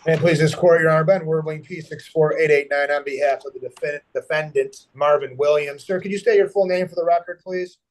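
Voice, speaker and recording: A man's voice: a little high, steady tone, fairly quick, hardly any pauses. Formal male defense attorney on a video call. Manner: formal, formulaic, polite. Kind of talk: formal courtroom appearance.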